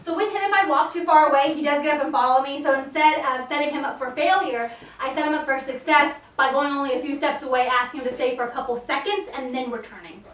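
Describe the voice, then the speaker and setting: A young woman demonstrates dog training, talking viewers through her reasons in a high voice. She speaks from a few steps away from the camera, and the room around her rings with echo. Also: fast, a bit bright, distant mic. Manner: explains to viewers between short commands and praise to the dog. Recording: echoey room, voice off-mic.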